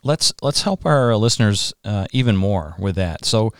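A man's voice: lowish voice, animated, moderate pace, smooth, dry recording, clean studio sound. A man hosting a podcast interview, affirming his guest and asking leading questions. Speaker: podcast host. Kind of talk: interview talk.

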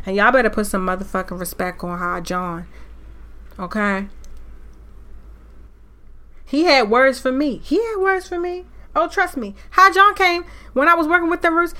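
Fiery, bright-voiced woman podcaster. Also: mid-range voice. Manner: fiery, preachy, loud at times. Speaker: podcast host. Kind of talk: impassioned solo podcast rant.

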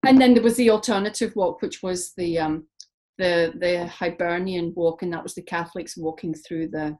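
A woman's voice: on the low side, normal speed. Interview guest: woman poet from Scotland, reflective, rambling storyteller. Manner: reflective, animated storytelling with frequent fillers. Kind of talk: interview conversation.

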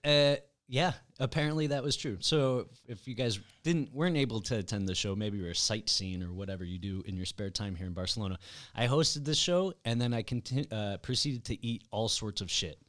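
A man's voice: fairly low pitch, a little fast, fairly bright tone. A young man hosting a casual podcast, telling self-mocking jokes and stories. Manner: joking, self-mocking storyteller. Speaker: podcast host.

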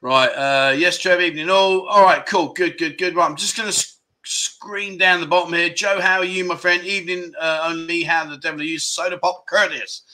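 A man's voice: high voice, fairly even intonation, moderate pace, sharp tone. A man in his fifties hosting a casual livestream chat show, rambling and joking as he reads out viewer comments. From United Kingdom. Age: 50s. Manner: chatty, jokey, rambling with lots of asides. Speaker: livestream host.

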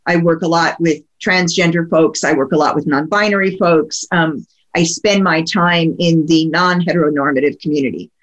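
Female talk radio host, lowish voice, thoughtful and halting, lots of ums. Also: fairly even intonation, highs cut off. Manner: thoughtful, with many fillers and restarts. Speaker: radio show host, sex therapist. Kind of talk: casual interview chat.

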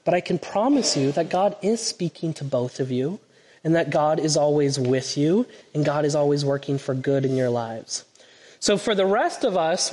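A pastor reading a Bible storybook to children during a church service, speaking gently and encouragingly. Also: male voice, a little high. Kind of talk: children's story time and sermon. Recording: reverberant church hall.

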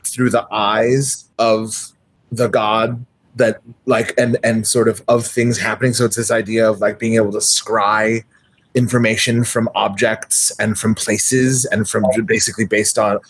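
A man's voice: on the low side, level tone, unhurried, slightly rough, no room sound. Guy rambling about his character, lots of likes and restarts, dry sound. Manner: rambling, hesitant, many restarts. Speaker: player. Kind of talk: tabletop character creation chat.

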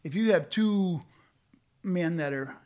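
A man's voice: sits high, takes it slowly, mellow. An older man speaking reflectively in a conversational discussion, with frequent fillers and restarts. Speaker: guest speaking on leadership.

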